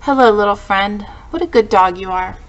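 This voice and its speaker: A woman voicing a caring, soft-spoken teenage boy in a storybook read-aloud. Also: mid-range voice, normal speed, muffled recording, lightly acted. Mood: tender.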